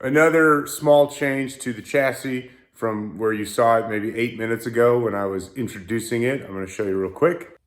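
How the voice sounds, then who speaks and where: This young man's garage vlog about his car project comes in a mid-range voice at normal speed, with few pauses. Speaking to his phone, he wanders from point to point and pokes fun at himself.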